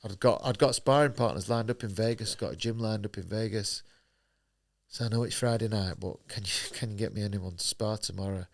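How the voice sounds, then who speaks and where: A man's voice: lowish voice, a little fast, gravelly. A man, a boxer telling his story bluntly in an interview, swearing freely and acting out what people said. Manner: blunt, swears freely, acts out quoted dialogue. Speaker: guest, professional boxer. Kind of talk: candid storytelling in a podcast interview.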